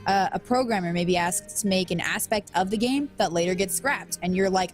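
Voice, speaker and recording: A woman co-hosting a casual podcast, telling work stories with lively acted-out quotes. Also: medium pitch, a little fast, few pauses, soft background music. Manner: animated storytelling with acted-out quotes. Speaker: podcast co-host, game programmer.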